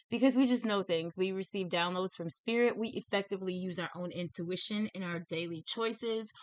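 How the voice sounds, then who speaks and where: A woman's voice: lowish voice, fairly bright tone, dry recording. A woman with a lisp hosting a spiritual reading channel, bubbly and effusive, a bit tongue-tied as she chats through announcements. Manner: bubbly, effusive, repeats herself. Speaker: tarot reader and channel host. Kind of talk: chatty intro to a reading video.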